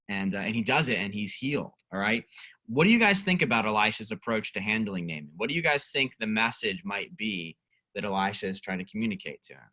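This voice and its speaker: Youth pastor, male, lower voice with a bright edge; relaxed, chatty teaching that reads passages aloud. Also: quick pace. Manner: conversational, reads scripture aloud, asks the group questions. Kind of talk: casual Bible study teaching.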